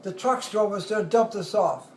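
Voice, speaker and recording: A man in his eighties tells an old army story in a strikingly high voice, rambling and laughing as he acts out the other people's lines. The sound bounces around an echoey room. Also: moderate pace. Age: 80s. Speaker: army veteran telling war stories. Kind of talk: casual storytelling at home.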